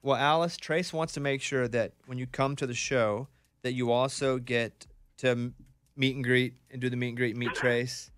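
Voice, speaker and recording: A man's voice: mid-range voice, steady tone, normal speed, fairly bright tone, clean tone, no room sound. A man hosting a morning radio show, chatting upbeat with a caller and a guest. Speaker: radio host. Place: radio studio. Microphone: studio mic.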